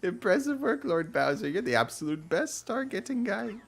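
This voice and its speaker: Squeaky flattering henchman, put on by a lets-player, all praise for the boss. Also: normal speed, gravelly, heavily acted. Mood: fawning.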